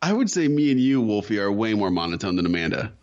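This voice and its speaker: A man's voice: lowish voice, sing-song, fast, a little mellow, highs cut off. A man co-hosting a casual podcast, reading listener reviews aloud with dry joking asides. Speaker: podcast co-host. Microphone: headphones and microphone.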